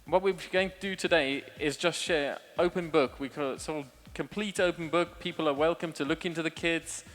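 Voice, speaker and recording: A man hairstylist giving a candid, relaxed speech to hairdressers from a show stage. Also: on the high side, a little fast, soft background music. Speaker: session stylist and show presenter.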